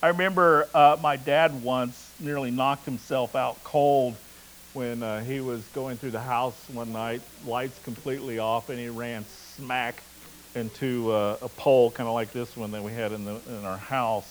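A man preaching a sermon in a conversational, casual way, telling stories and reading scripture aloud between relaxed asides. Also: medium pitch, normal speed, a little hiss or hum, poor audio. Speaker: pastor.

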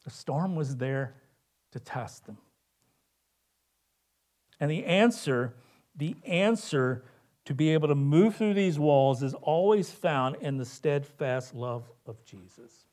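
Slow, expressive male pastor preaching. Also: a little high. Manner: dynamic preaching, swinging from loud cries to hushed tones. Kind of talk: sermon. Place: church.

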